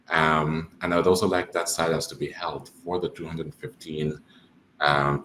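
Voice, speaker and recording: A young man with a French Albertan accent moderating a virtual panel, animated, expressive and earnest. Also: rumbling low, roomy sound, a little hiss or hum, rough recording. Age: young adult.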